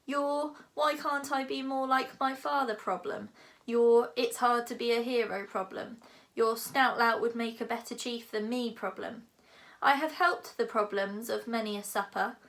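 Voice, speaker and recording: A woman's voice: on the high side, steady tone, a little slow, a bit bright. Woman playing the Green Death, a genial menacing dragon. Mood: pompous. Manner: genial, pompous, leisurely. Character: huge cheerful male dragon, philosophical and menacing.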